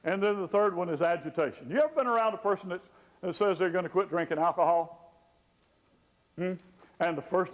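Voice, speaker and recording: A man's voice: high-pitched, lively intonation, brisk. A man, giving a folksy teaching talk as a Christian counselor and acting out the people he quotes. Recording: long hall reverb.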